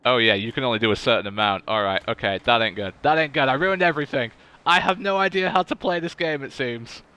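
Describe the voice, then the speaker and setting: Young male streamer, casual gaming chat; bright, crisp voice. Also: medium pitch, fast. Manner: chatty, goofy, talks to chat.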